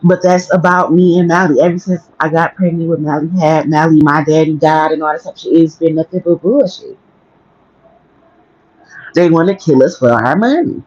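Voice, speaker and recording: A woman's voice: deep voice, moderate pace, darkish tone, no room sound. A woman tells a story on her livestream in a blunt, profane way. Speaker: livestream host. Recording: dry, dull lo-fi stream audio.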